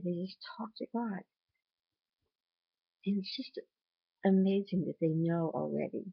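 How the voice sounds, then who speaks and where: A woman's voice: low-pitched, creaky, slightly rough, no room sound, highs cut off. An older woman, a grandmother, talking in a casual vlog with an earnest, chatty manner. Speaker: vlogger and grandmother.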